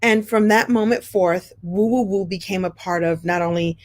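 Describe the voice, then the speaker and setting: A woman in her fifties hosting her own show, telling a story in a casual monologue with warm, playful jumps in pitch. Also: moderate pace. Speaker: show host.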